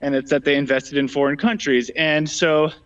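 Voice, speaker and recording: A man's voice: a little high, flat delivery, moderate pace. A man in a casual political debate, a little out of breath, talking with many ums and restarts. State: slightly out of breath. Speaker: debate guest. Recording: dull lo-fi sound.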